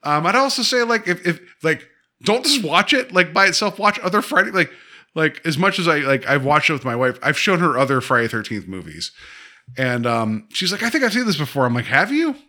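A man's voice: a little high, animated, brisk, bright, forceful tone. A man co-hosting a podcast in casual chat, joking and laughing often, with many fillers. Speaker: podcast co-host.

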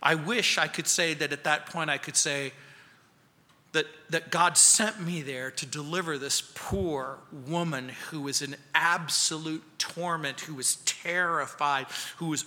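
A male pastor preaches in a bright, tense, fairly high voice, telling a story earnestly and dropping to near-quiet for emphasis. His words ring out with the long reverb of a church sanctuary. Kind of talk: expository sermon.

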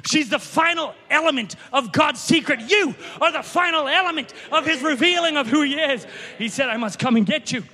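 High-voiced preacher shouting a sermon. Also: male voice, a little fast. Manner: shouting, dramatic storytelling, dropping to hushed whispers. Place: church sanctuary.

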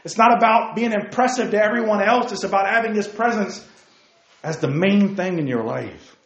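This youth preacher's voice is somewhat high, and his sermon moves at a moderate pace in an animated style. He throws out rhetorical questions, addresses young listeners by name, and alternates loud exclamations with hushed asides, all in a dull, roomy recording that echoes off the walls.

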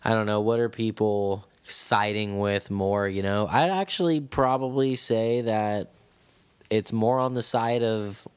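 A man's voice: fairly low pitch, fairly even intonation, unhurried, smooth. A man co-hosting a casual podcast chat, rambling loosely and laughing easily. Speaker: podcast co-host.

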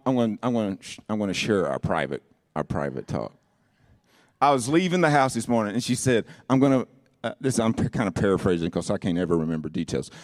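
A male pastor preaching with impassioned, sing-song delivery, swinging between shouted lines and quiet personal asides. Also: fairly low pitch, no room sound, studio quality. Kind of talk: sermon. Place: church.

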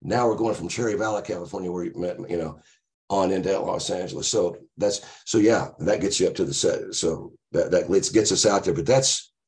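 A man in his sixties tells a family story in a very deep, low voice. He rambles casually, looping back with frequent asides. He talks as a relaxed podcast guest. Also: a little fast. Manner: rambling, many "you know" asides.

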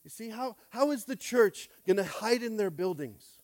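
A high-voiced male pastor delivers a lively sermon at normal speed, swinging from shouted calls to quiet, chatty asides and calling for response from the congregation. His phrasing is plain, casual and conversational, with frequent stumbling restarts and repeated "are you with me?" The audio is close and dry, without room echo.

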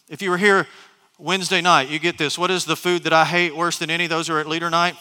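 A man's voice: fairly high pitch, flat delivery, fast, bright, forceful tone, smooth, long reverb tail. A middle-aged man preaching a sermon as pastor, telling stories with many restarts and asides. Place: large church hall.

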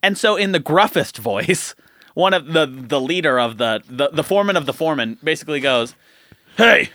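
Animated young man telling a story. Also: fairly high pitch, a little fast, dry recording, studio quality. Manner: animated, gets loud and heated acting out his story. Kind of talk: casual storytelling chat.

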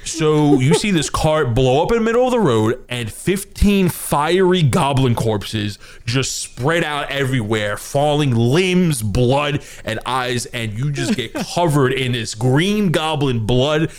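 Brief: male dungeon master, mid-pitched, gleeful, vivid narration. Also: animated, unhurried, hardly any pauses. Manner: vivid, gleeful narration with sudden shouted outbursts. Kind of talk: narrating a tabletop game.

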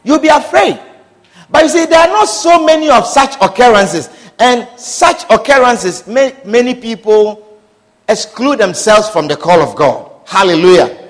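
A man's voice: very high voice, animated, unhurried. A man preaching a sermon with passion, repeating phrases and calling out hallelujah and amen. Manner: impassioned, repetitive, calls out hallelujah and amen.

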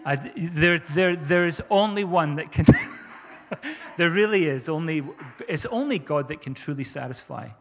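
A man's voice: on the high side, a little slow, fairly bright tone, in a large hall, a little hiss or hum. A man preaching a sermon as pastor, fervent and repeating his phrases for emphasis.

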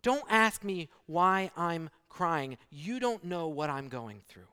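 An anguished, grieving woman pleads in a raised, defensive voice, as a man puts her on. Her tone is high and resonant. A long hall reverb trails every word. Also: expressive, takes it slowly, pushed and bright, smooth, exaggerated voice. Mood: exasperated.

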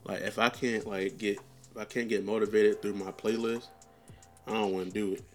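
A young man with a somewhat low voice talks loosely on his podcast, drifting from thought to thought with plenty of ums and casual swearing. Soft music plays faintly in the background. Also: level tone, moderate pace. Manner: rambling, loose and profane, full of fillers. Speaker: podcast host. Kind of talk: casual chat.

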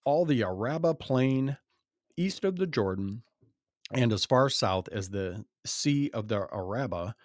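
A man's voice: mid-range voice, lively intonation, measured pace, no room sound, clean studio sound. A man hosting a podcast, reading Bible passages aloud with emphatic commentary and the odd laugh. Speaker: podcast host reading scripture.

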